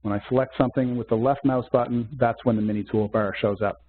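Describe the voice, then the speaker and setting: A man teaching a software demo in a webcast, walking through steps methodically with small fillers. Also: mid-range voice, fairly even intonation, fast talker, breathy edge. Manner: methodical step-by-step explaining with fillers. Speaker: software instructor. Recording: tinny phone-like webcast audio.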